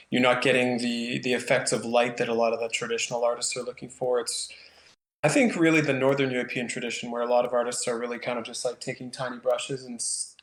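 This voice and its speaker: A Canadian painter appears as a guest in an interview, talking casually in a mid-range voice with a reverberant sound. He's thoughtful and rambling, thinking aloud with plenty of fillers.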